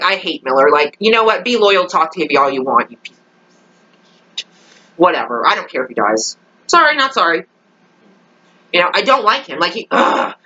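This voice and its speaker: Woman vlogger, sharp bright tone, exasperated and profane, animated pitch jumps. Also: breathy edge, highs cut off. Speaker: TV episode reviewer. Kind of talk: casual reaction vlog.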